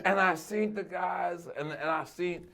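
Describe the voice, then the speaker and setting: A man from Queens, New York, talking as an interview guest in an excitable, emotional way and laughing often. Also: sits high, a little slow, gravelly. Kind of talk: casual interview chat.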